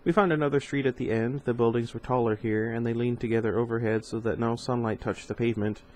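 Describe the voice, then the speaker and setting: A man's voice: mid-range voice, fairly even intonation, fast, a little mellow, poor audio. A man reading a novel aloud in an informal way, with casual asides and stumbles over hard words. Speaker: reader.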